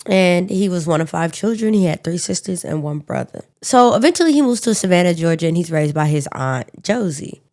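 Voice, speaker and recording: A woman's voice: lowish voice, animated, a little fast, few pauses, darkish tone. A woman co-hosting a podcast, telling a true-crime story in a casual, slangy, profane way with joking asides. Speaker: podcast co-host.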